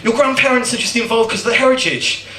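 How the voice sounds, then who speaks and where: A man voicing his father, a calm, exasperated dad patiently setting his son straight, in a stand-up set. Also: extremely high pitch, fast. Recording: echoey venue from far off.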